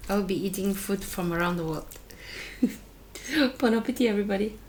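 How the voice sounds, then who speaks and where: A woman's voice: medium pitch, moderate pace, darkish tone, a little hiss or hum. A woman from Northeast India, a food vlogger chatting casually while she cooks and eats, who often ends lines with "okay?". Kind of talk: casual cooking and mukbang chat.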